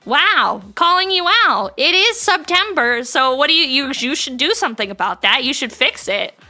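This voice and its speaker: Bright, high-voiced playful woman streamer. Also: sing-song, normal speed, soft background music. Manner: playful, teasing, laughs often. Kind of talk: casual live-stream chat.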